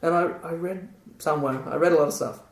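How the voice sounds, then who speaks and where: Higher-voiced chatty male host. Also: fast, far from the mic. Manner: chatty, trailing off, many fillers. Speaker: podcast host. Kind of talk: casual interview chat. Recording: roomy echo.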